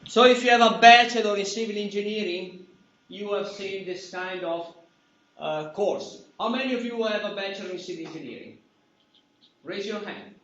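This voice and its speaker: A man's voice: high voice, normal speed, a bit bright, reverberant, recorded from a distance, muffled recording. A man with an Italian accent giving a university lecture in a chatty way, repeating key words and checking in with "right?". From Italy. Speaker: university instructor. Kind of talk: lecture to a class. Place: lecture hall.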